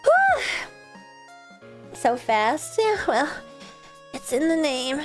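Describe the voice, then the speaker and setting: A woman streamer chatting casually and rambling at the end of a gaming stream, sleepy and a little hoarse. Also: sits high, huge pitch swings, extremely slow, long pauses. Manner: chatty, rambling, self-deprecating. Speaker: video game streamer. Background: faint background music.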